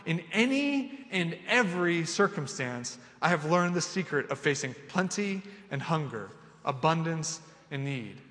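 A man preaching a sermon with animated delivery, acting out imagined dialogue and building to emphatic, rising lists. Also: fairly high pitch, a little slow, hardly any pauses, big-room sound. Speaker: pastor.

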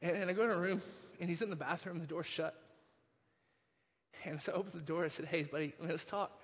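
A man preaching a sermon as pastor, moving between hushed storytelling and impassioned, near-shouted preaching. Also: high voice, fairly even intonation, quick pace, in a large hall.

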